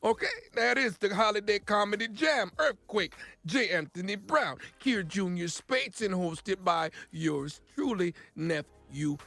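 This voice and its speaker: Bright, gravelly-voiced male radio host. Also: sits high. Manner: animated, laughs often, fast bursts. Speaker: radio prank caller and co-host. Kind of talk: radio prank call and banter. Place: radio studio.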